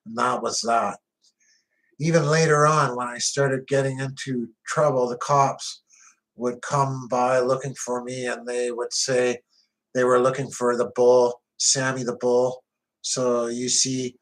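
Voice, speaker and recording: A man's voice: medium pitch, a bit bright, poor audio. A man narrating an audiobook in the first person, with gritty, conversational storytelling.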